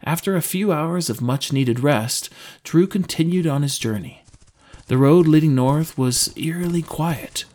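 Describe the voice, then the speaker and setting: A man narrating a fantasy audiobook in an expressive storytelling manner. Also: on the high side, unhurried.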